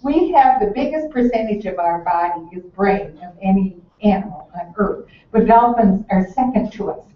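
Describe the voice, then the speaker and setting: A woman presenting children's books to an audience, talking with animated enthusiasm and frequent laughter. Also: medium pitch, normal speed. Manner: animated, gushing, laughs often. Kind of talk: enthusiastic book talk to an audience. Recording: echoey hall from far off, dull lo-fi.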